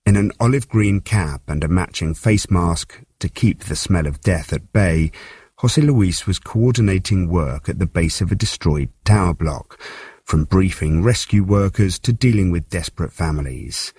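Low, husky male reporter narrating. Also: lively intonation, a little mellow, no room sound, studio quality. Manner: measured, storytelling delivery.

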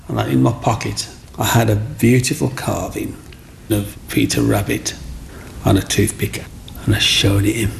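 Gravelly middle-aged man. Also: fairly low pitch, moderate pace, a little hiss or hum. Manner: chatty, animated, acts out voices in anecdotes. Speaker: interviewee. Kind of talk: personal storytelling.

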